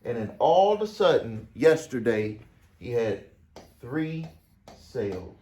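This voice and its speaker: A man's voice: medium pitch, very animated, takes it slowly, mellow, slight background noise. A man coaching small business owners, telling a client story casually to camera, often repeating phrases for emphasis.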